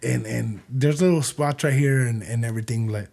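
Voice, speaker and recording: A man's voice: mid-range voice, moderate pace, gravelly, darkish tone. A man hosting a podcast in casual chat, talking in a slangy, rambling and self-doubting way. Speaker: podcast host and newer stand-up comic.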